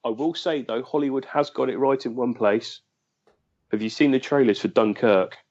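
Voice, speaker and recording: A man's voice: medium pitch, moderate pace, darkish tone, dull audio. A man co-hosting a podcast, chatting casually and adding jokes and trivia. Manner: joking, adds trivia. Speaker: podcast co-host.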